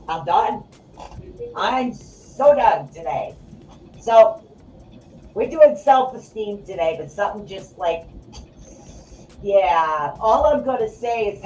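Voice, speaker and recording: A woman's voice: fairly low pitch, darkish tone. A woman podcast host ranting in anger, swearing and repeating herself. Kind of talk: angry off-the-cuff rant. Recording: echoey room, voice from far off, faint music.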